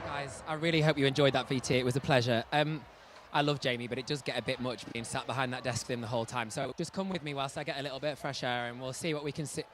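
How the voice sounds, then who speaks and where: A man presenting live from an outdoor festival, excitable and gushing. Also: medium pitch, quick pace, few pauses, slight background noise.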